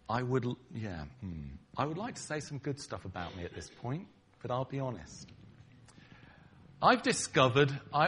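A man's voice: mid-range voice, fairly bright tone, slight background noise. A middle-aged man, preaching a conversational sermon to his congregation, bantering with them and acting out quoted lines. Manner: acts out quoted lines dramatically. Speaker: pastor.

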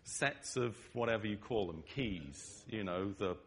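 Emphatic preacher with an English accent. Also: male voice, fairly low pitch, expressive, measured pace. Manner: emphatic, checks in with listeners with repeated "okay?". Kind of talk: sermon.

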